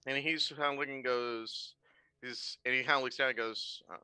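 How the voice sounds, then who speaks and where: A man's voice: mid-range voice, fairly even intonation, normal speed, bright, forceful tone, clean tone, no echo. A man narrating a tabletop game as game master, rambling through his descriptions. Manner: rambling, with many fillers and restarts.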